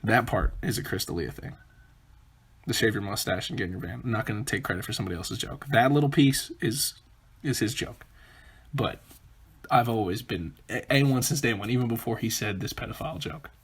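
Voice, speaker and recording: A man's voice: fairly low pitch, fairly quick, breathy edge. A man hosting a comedic solo podcast, rambling and interrupting himself as he jokes. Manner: rambling, self-interrupting, jokey. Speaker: podcast host.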